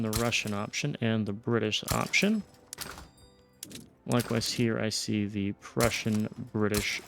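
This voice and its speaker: Gravelly man musing over a strategy game. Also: fairly low pitch. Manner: thinking aloud, trailing off, restarts. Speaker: gameplay streamer. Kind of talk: casual let's-play commentary.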